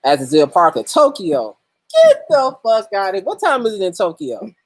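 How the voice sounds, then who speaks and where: Male livestream host, loose and cussing, animated pitch, dry unroomy sound. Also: moderate pace, no echo. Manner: loose, profane, greets viewers by name. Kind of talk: casual livestream chat.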